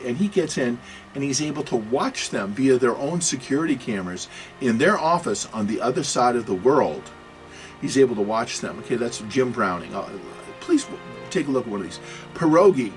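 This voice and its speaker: A man's voice: mid-range voice, poor audio. A middle-aged man giving a casual talk on computer security, with joking, self-mocking asides.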